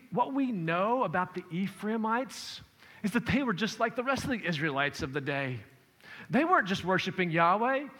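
A man's voice: high voice, fairly bright tone. A man preaching a sermon as pastor, shifting his emphasis and acting out quotes as he explains a passage. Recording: long hall reverb.

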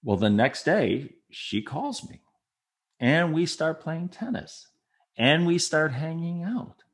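A middle-aged storyteller guest with a fairly high voice takes his time telling a listener a candid personal anecdote. Animated and self-deprecating, he laughs and acts out the voices of the people in the story.

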